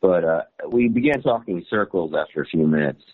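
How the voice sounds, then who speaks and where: Deep-voiced man on a tinny phone line. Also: expressive, fairly quick. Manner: rambling, lots of fillers and laughs. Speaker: journalist guest. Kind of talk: casual storytelling on a call-in show.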